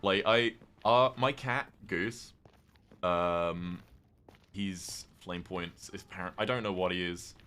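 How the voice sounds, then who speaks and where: A man's voice: deep voice, slow, bright, forceful tone, slight background noise. A British man streaming a game, chatting casually and rambling as he reads viewer messages aloud. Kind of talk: casual gameplay chat.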